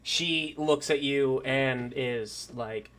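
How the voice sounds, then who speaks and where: Man, game master, bright clear voice, halting narration, um-filled pauses. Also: mid-range voice.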